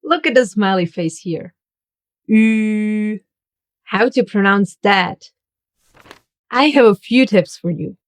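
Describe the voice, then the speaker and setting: A woman giving a scripted language lesson, speaking slowly and deliberately as she demonstrates each sound. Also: mid-range voice, expressive. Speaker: German teacher.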